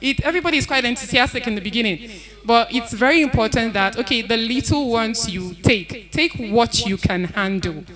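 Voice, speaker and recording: A woman's voice: fairly high pitch, brisk. Earnest woman giving advice. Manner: earnest, advising, repeats key points. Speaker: panelist. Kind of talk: conference panel talk. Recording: event hall with crowd noise.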